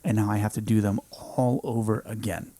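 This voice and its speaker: A man in his thirties, a podcast guest in a home studio, telling a story in an intense, emphatic way, often saying "dude" and swinging between hushed and loud. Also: fairly low pitch, flat delivery, normal speed, no room sound. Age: 30s. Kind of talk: casual storytelling.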